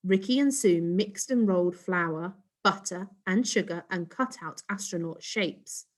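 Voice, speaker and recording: A woman reading a children's story aloud in an expressive way, pausing to ask listeners questions. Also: lowish voice.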